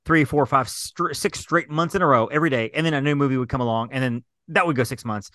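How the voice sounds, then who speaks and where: A man in his thirties co-hosting a casual podcast, talking in an eager, rambling way with plenty of fillers. His voice is bright and forward. The sound is dry and close, with no room around it. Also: medium pitch, fast, no echo. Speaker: podcast co-host. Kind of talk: casual chat.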